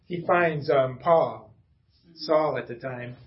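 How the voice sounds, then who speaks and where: A man's voice: medium pitch, slow, lo-fi sound. A man preaching a casual, conversational sermon to a small church congregation. He talks in a chatty way, with self-deprecating asides and frequent restarts. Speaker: pastor.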